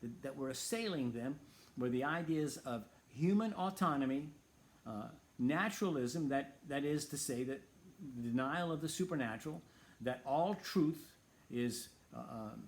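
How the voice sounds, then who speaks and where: A man hosting a Christian talk show, speaking earnestly and emphatically as he reasons aloud. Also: a little high.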